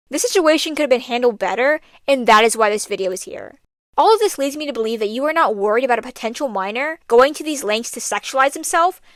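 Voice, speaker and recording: High-voiced exasperated young woman, dry close mic. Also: fairly bright tone, no echo. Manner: exasperated, blunt, sarcastic. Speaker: commentary youtuber. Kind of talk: scripted commentary voice-over.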